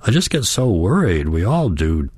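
A man's voice: sits low, very animated, moderate pace, darkish tone, slightly rough, no room sound, clean studio sound, full character voice. A man reading the part of an anxious, caring young granddaughter, speaking earnestly. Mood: worried. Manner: earnest, worried pleading.

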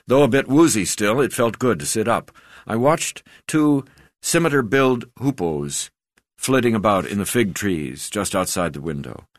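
A man reading a first-person memoir as an audiobook narrator, in a calm, steady, reflective way, on a close studio mic. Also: lowish voice, moderate pace, dry recording.

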